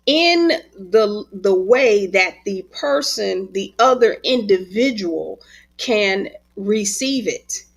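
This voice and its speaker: Animated, laughing woman storyteller, higher voice. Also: slightly rough. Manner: animated, expressive storyteller who laughs often. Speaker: author and spiritual teacher. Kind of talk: casual conversation.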